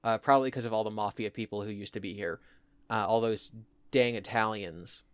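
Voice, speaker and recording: A man's voice: lowish voice, fairly even intonation, fairly quick, clear, resonant tone, no room sound. A young man from New Jersey with a New Jersey accent, co-hosting a podcast in rambling casual chat and laughing often. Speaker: podcast co-host.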